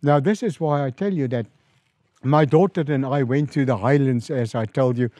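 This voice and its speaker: Animated South African pastor, dry sound. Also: male voice, moderate pace, no echo. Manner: animated storyteller, rises in pitch and volume acting out quoted calls. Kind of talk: storytelling in an interview.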